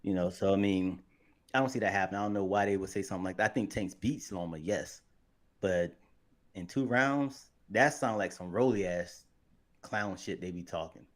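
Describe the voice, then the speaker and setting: A male co-host chatting about boxing on a podcast. His voice sits fairly low, and he gives his takes in a relaxed, easygoing way. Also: moderate pace. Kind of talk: casual boxing talk.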